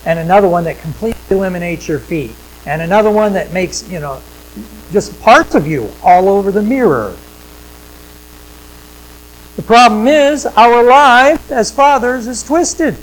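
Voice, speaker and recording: A male pastor preaching a sermon in a church, conversational, repeating phrases for emphasis and swinging between loud points and quiet asides. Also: high-pitched, a little hiss or hum, rough recording. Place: church sanctuary with projection screens.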